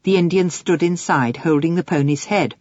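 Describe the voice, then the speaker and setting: A woman narrating an audiobook for children in an expressive storytelling manner. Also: lowish voice, moderate pace, no echo, highs cut off. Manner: expressive storytelling with lively swings.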